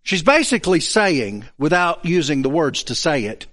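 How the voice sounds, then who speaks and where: A man's voice: on the high side, moderate pace, hardly any pauses. A man preaching a sermon, acting out the quoted speakers as he goes. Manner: animated, acts out the quoted speakers.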